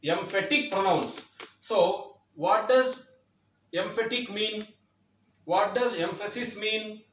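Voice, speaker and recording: A man's voice: high voice, a bit bright, far from the mic, slight background noise. Man, grammar teacher, step-by-step explaining, roomy echo. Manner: repeats words, fillers, explains step by step. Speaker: English teacher. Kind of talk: classroom grammar lesson.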